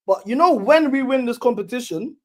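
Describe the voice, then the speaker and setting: A man's voice: very high-pitched, expressive, a little fast, a little mellow. A young man debating football on a casual video call, insistent and argumentative, often repeating himself. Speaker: football panel guest, Chelsea fan.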